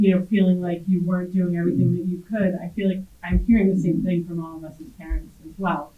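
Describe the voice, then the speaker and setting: A middle-aged woman, a parent on a panel, reflects in a thoughtful, earnest way and often repeats words as she goes. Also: lowish voice. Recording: echoey, tinny.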